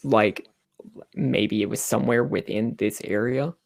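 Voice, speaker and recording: A young man running a tabletop game as game master, halting with many fillers and restarts. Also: fairly low pitch, gravelly.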